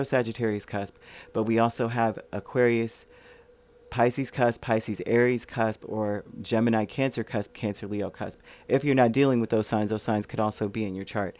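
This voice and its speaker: A man's voice: mid-range voice, darkish tone. A man talks his way through a tarot reading in a loose, rambling monologue. His voice sits in a middle register for a man, and he keeps circling back with fillers and restarts as he explains the cards. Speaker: tarot reader.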